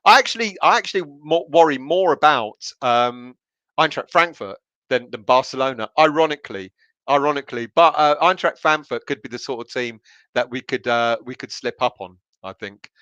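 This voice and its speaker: A man's voice: medium pitch, normal speed, pushed and bright, no room sound, lo-fi sound. A man from England hosting a casual live stream, reading out viewers' comments and answering each one in a chatty way, with lots of fillers and restarts. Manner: chatty, laughs often, many fillers and restarts. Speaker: podcast host reading live chat comments.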